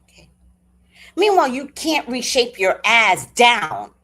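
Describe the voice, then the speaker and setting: An older woman hosting a casual stream, telling animated stories with laughter and blunt swearing. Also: a little high, measured pace. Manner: animated, laughing, salty-tongued storyteller. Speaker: livestream host. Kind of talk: casual chat.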